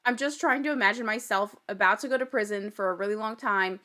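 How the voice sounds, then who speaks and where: A woman's voice: medium pitch, fast talker, pushed and bright. A woman hosting a casual TV recap podcast, chatty and gossipy, often breaking into laughter. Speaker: podcast host.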